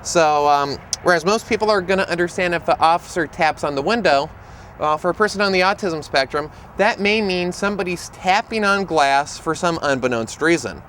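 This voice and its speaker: A man, an autism speaker and educator, tells stories in a humorous, lively way while presenting to camera outdoors. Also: on the high side, normal speed, a little hiss or hum.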